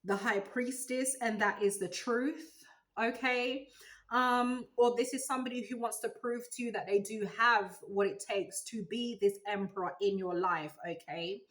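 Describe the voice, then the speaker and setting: A woman giving a tarot reading, musing aloud in a loose, animated way. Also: fairly high pitch, measured pace, low-quality recording. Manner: animated, musing aloud, breaks into sung gospel snippets. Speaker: tarot reader.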